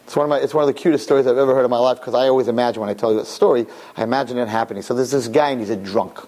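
A man, a rabbi, giving a Torah lesson and telling a parable in an animated way, often asking "right?". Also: mid-range voice, very fast. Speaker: rabbi teaching students.

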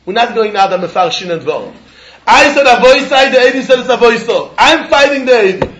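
A man's voice: very high voice, expressive, a little fast, a bit bright, slight background noise. A man teaching a Talmud lecture, posing rhetorical questions and chuckling as he argues. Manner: poses rhetorical questions, chuckles while arguing. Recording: roomy echo.

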